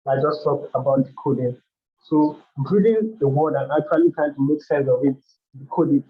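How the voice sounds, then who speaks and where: A man hosting a workshop, explaining topics step by step in a loose way with frequent restarts. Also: fairly high pitch. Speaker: workshop host. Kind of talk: educational talk. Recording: dull lo-fi sound.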